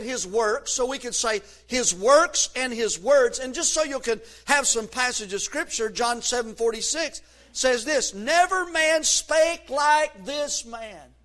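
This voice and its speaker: A man preaching a sermon from the pulpit, fervent and emphatic, rising to shouts on key points. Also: very high-pitched. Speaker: pastor.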